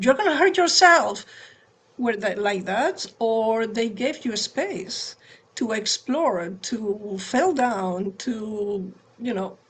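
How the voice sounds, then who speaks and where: A woman co-hosting a spiritual talk on parenting, speaking in a gentle, conversational way over a video call. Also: on the high side, a little hiss or hum. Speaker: satsang co-host and parent.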